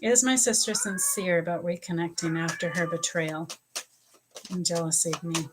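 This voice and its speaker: A woman psychic medium answering viewer questions in a live stream, chatty and animated, laughing often. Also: lowish voice, normal speed, noisy background. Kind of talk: live-stream reading, casual chat.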